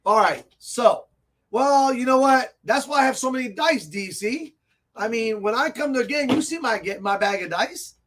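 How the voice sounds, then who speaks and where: A man with a high-pitched voice hosts a laid-back tabletop gaming chat. He rambles, gets carried away with excitement and laughs a lot, talking from a comic and game shop. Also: normal speed. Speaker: host of a tabletop gaming show. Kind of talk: casual live stream chat.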